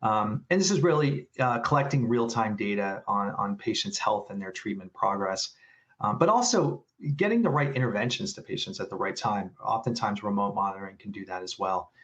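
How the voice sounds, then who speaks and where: A low-voiced man presenting slides in a business webinar. He talks in a halting way, full of restarts and fillers, and keeps circling back to his point. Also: animated, fairly bright tone.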